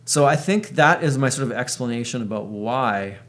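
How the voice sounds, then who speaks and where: A man's voice: mid-range voice, animated, moderate pace, fairly bright tone. A man in his thirties thinking aloud in a reflective monologue, working through an analogy as he goes. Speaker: video host.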